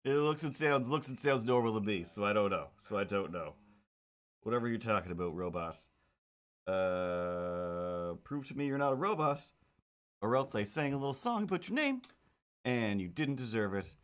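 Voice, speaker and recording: A man's voice: lowish voice, big pitch swings, moderate pace. A man chatting casually on a livestream while drawing, rambling with self-mocking, playful asides. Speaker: streamer.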